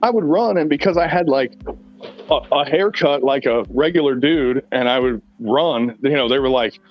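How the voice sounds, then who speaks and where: A man's voice: medium pitch, normal speed, faint music behind. Blunt, profane man telling stories. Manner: rambling storyteller, profane and blunt. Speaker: podcast host. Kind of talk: casual chat. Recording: dull lo-fi sound.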